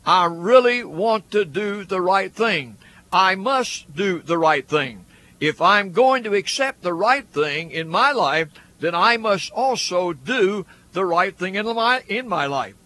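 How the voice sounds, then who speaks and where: A man's voice: high-pitched, expressive, slow, sharp tone. A man preaching a radio sermon, earnest and building through repeated phrases. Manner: earnest, repetitive preaching cadence.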